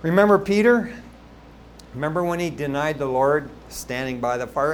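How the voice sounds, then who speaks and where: Male pastor, fairly high voice, chatty storytelling sermon, faint background noise. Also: normal speed. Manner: animated, conversational storytelling with asides to the congregation.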